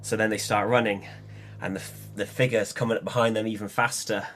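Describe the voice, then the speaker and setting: A man's voice: on the low side, brisk, a little hiss or hum. A young man, co-hosting a casual podcast chat and cracking jokes. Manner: joking, animated, laughs at own jokes. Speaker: podcast co-host.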